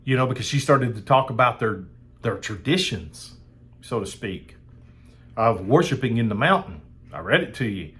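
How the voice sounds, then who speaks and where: A man's voice: mid-range voice, lively intonation, normal speed, fairly bright tone. Fired-up preacher man. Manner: fired-up, emphatic, repeats phrases for emphasis. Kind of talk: sermon.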